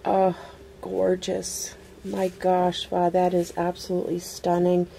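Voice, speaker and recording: A woman vlogger unboxing a craft swap package in casual chat, gushing over each item with excited exclamations. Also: lowish voice, slow, creaky, a little hiss or hum.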